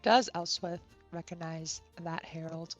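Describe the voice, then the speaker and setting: A woman's voice: lowish voice, fairly even intonation, a little slow, soft background music. A woman playing in a tabletop game, talking in a casual, jokey way. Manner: playful, jokey. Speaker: player. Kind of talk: casual tabletop gaming chat.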